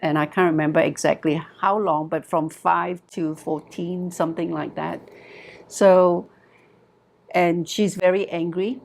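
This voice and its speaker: A woman therapist with a slightly low voice tells a story from her practice. She speaks in an earnest, measured way, letting each point land. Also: steady tone, gravelly, darkish tone. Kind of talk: recounting a client story in a talk.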